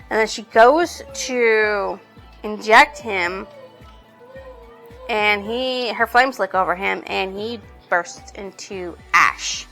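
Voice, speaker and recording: Bright, chatty woman recapping a book. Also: medium pitch, slow, soft background music. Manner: rambling, chatty, swears casually. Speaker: book reviewer. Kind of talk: casual book plot recap.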